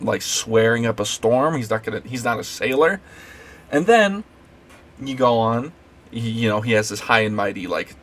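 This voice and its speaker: A man giving an unscripted late-night rant as a video creator, rambling with many fillers and restarts. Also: medium pitch.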